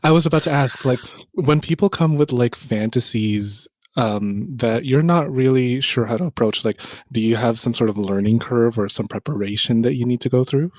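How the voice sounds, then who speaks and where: A man's voice: medium pitch, normal speed, few pauses, darkish tone, dry recording. A man hosting a casual podcast, reacting eagerly and playfully and asking questions. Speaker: podcast host.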